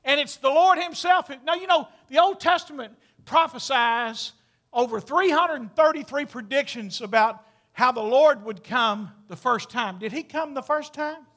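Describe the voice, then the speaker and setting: High, bright-voiced emphatic preacher man. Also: normal speed. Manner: emphatic, swings between soft asides and shouted bursts; playful, jokes with the congregation. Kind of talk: sermon.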